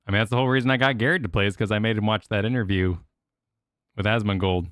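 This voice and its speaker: Reacting to event videos on his stream, a young man talks fast in a lowish, smooth voice, chatting casually in rambling bursts packed with restarts and filler. It's a dry, clean studio recording.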